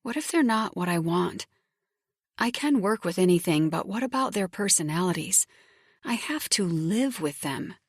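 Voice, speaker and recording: Woman reading a romance audiobook in first person, steady and intimate, lower voice, dry mic. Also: moderate pace, slightly rough, no room sound. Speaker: audiobook narrator. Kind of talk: first-person scripted narration.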